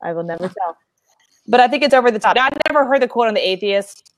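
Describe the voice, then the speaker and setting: A woman from Texas on a casual political panel, outspoken and animated, cutting in to argue her point. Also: fairly high pitch, rapid-fire, no echo, low-quality recording.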